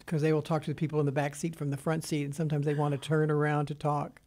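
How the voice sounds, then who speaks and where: A man interpreting sign language into speech in the first person, halting and hesitant as he goes. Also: fairly high pitch, completely flat delivery, darkish tone. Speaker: sign language interpreter voicing a deaf guest.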